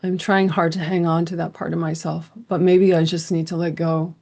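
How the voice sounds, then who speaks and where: A woman with a low-pitched, gravelly voice reads aloud from her journal and then comments on it. She talks in an intimate, earnest way that sometimes stalls on restarts. Her voice has a rough, creaky edge. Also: level tone, normal speed, warm tone. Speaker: host sharing a personal account.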